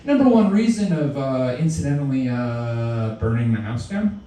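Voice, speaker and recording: A man's voice: medium pitch, sing-song, normal speed, a little hiss or hum. Man reading poems, far off in an echoey room. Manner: theatrical, swinging from shouts to murmurs. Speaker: poet. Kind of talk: live poetry reading. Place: reading venue.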